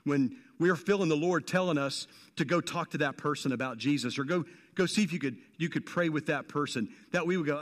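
A man's voice: a little high, a little fast, in a large hall. A man preaching a sermon in a conversational way, repeating phrases for emphasis and dropping in casual slang. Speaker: pastor.

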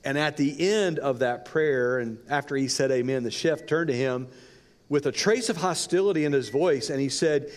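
A man's voice: on the high side, moderate pace. A male pastor telling a story during a sermon, dramatic and varying his pace for effect. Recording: long reverb in a large hall.

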